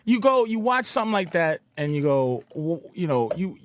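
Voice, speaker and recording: High, animated male radio co-host. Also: no room sound. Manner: animated, profane, halting restarts when worked up. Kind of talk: casual chat.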